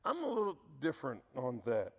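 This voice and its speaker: A middle-aged man preaching a sermon as pastor, earnest and repetitive, dropping low to stress key words. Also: huge pitch swings, brisk, husky, big-room sound.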